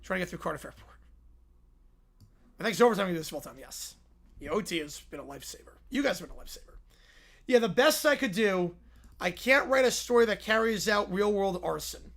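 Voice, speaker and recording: Gravelly laid-back streamer guy. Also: sits high, expressive, fairly quick, fairly bright tone. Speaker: livestream host. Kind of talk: casual reaction chat.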